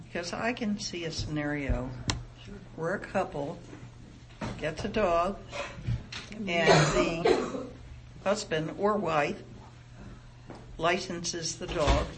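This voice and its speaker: A man on a board laying out a scenario deliberately at a public meeting. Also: a little high. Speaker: board member. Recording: loud noise behind.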